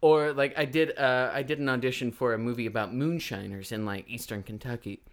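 Laid back guy actor on a podcast, rambly, laughs a lot, normal pitched voice. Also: steady tone, brisk. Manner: easygoing, laughs often, rambling. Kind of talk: casual comedy podcast chat.

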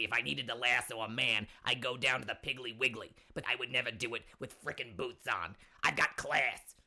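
A man putting on a loud, brassy older mother who hosts her own advice corner, gossipy and indignant and forever saying "seriously". Her voice is gravelly, with a bright, cutting edge. She calls everyone "my dears" and turns every question back to her own troubles. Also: mid-range voice, full character voice. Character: brassy older woman advice-giver, doting nagging mother. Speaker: advice segment host. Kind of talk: comedy character monologue.

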